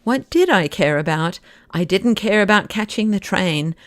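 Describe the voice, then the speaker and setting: A woman reading an audiobook, voicing an excitable male nobleman who pleads and rants. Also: mid-range voice, moderate pace, no echo, close to an everyday voice. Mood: frantic. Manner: exasperated, pleading, then bursts of ranting insults. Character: flamboyant middle-aged male nobleman, frantic.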